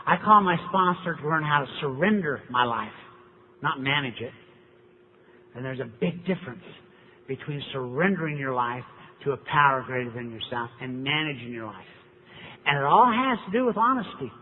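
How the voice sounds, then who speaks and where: A man's voice: mid-range voice, expressive, normal speed. Wry man telling a story in an echoey hall. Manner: conversational, rhetorical questions, wry. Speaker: recovery meeting speaker. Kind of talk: storytelling talk at a recovery meeting. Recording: tinny, echoey hall recording with faint hiss.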